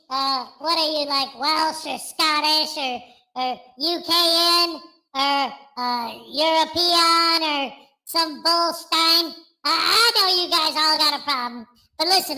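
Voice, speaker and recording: A cocky street tough with a tiny, piercing voice that sits far above a grown man's range. He trash-talks in slang and breaks into panicked yelps, all in a sharp, shrill tone. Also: full character voice. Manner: taunting slang, then panicked yelping.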